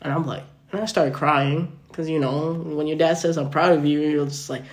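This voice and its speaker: A man's voice: fairly high pitch, steady tone, moderate pace. A young man hosting a podcast, telling personal stories casually and acting out both sides of each conversation. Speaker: podcast host. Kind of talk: casual storytelling chat. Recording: roomy echoey room.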